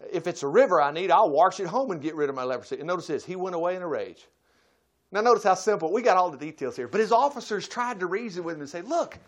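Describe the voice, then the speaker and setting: A man preaching a folksy sermon, swinging from loud bursts to quiet asides. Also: high voice.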